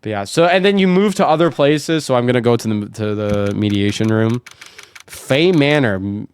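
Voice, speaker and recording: A man's voice: medium pitch, lively intonation, moderate pace, clean tone. A man streaming a story game, chatting casually, correcting himself and cursing offhandedly. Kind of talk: casual game let's play commentary.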